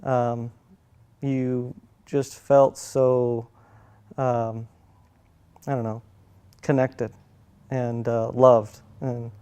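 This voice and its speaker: A middle-aged man telling family stories in a halting, soft-spoken way, with many fillers and restarts. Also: medium pitch, little pitch movement, clean tone. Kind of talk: casual personal storytelling.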